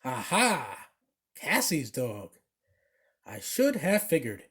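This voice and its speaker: A man's voice: mid-range voice, huge pitch swings, slow, a bit bright, breathy edge, full character voice. A man voicing a bossy, stern woman school principal in a children's story reading, scolding and firm. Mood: knowing.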